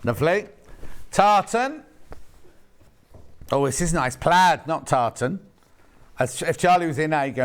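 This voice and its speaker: This man hosts a live shopping broadcast from a TV studio, and his voice sits a little high for a man. He rambles cheerfully between bolts of fabric and reads each price aloud in a casual sales patter. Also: expressive, unhurried, long pauses. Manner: chatty and rambling, reading out prices between asides. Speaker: shopping channel presenter.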